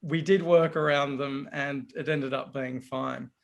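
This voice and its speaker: A man being interviewed on a video call, chatty and animated in telling stories. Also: medium pitch, unhurried, creaky, slight background noise. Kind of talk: casual conversation on a video call.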